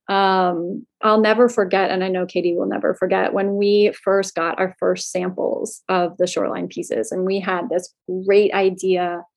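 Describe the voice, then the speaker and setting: A woman's voice: fairly low pitch, creaky. Chatty woman from Florida. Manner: chatty, animated, laughs often, many fillers. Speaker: clothing brand co-founder. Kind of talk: casual interview storytelling.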